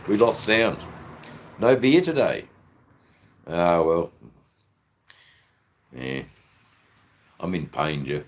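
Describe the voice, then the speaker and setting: Low-voiced Australian man rambling on a livestream. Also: very animated, drawn-out words, pauses often, slight background noise. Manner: rambling, loose and profane, full of fillers. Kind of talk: casual live-stream chat.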